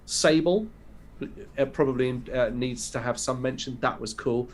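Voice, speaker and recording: A man in casual podcast chat, talking in a loose, rambling way. His voice sits at a middle pitch. A faint hiss runs under the recording. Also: moderate pace. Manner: chatty, rambling game rundown. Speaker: podcast co-host.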